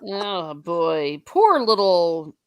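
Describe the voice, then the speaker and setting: A woman's voice: fairly low pitch, very animated, extremely slow, a little mellow, clean tone, no echo. A woman hosting a casual book discussion, chatty and full of fillers as she reads chat comments aloud. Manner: chatty, lots of likes and laughs.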